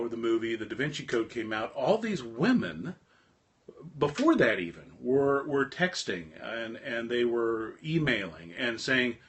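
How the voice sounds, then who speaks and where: Animated middle-aged man telling a story. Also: medium pitch. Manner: animated, rambling, with frequent restarts. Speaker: host of a live stream talk. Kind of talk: casual storytelling monologue.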